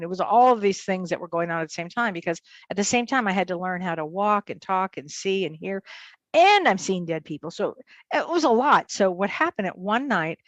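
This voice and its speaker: Animated woman telling a story, dry sound. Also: fairly low pitch, dry recording. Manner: fast, vivid storyteller who acts out dialogue. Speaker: medium, interview guest.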